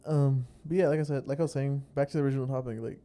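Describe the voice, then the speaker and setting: A man's voice: mid-range voice, fairly even intonation, rapid-fire, warm tone. A young man from California co-hosting a podcast, talking in a laid-back, rambling way with lots of fillers and swearing. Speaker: podcast co-host. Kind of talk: casual chat.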